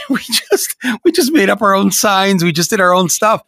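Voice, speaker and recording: A man's voice: high-pitched, sing-song, normal speed, sharp tone, no room sound, studio quality. A man in his sixties hosting a casual interview, enthusiastic and reflective, often restarting his sentences. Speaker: host.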